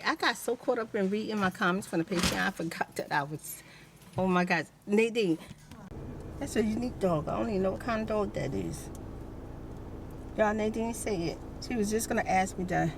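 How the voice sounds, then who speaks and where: A woman's voice: medium pitch, fairly quick, background noise. A middle-aged woman vlogger telling stories to her viewers in a chatty, casual way and calling them y'all. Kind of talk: casual chat to the camera.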